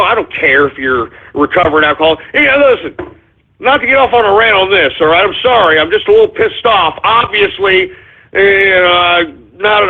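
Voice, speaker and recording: A male radio show host in a ranting talk monologue, agitated and sarcastic, swearing as he goes. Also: high voice. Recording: phone-like call-in radio audio.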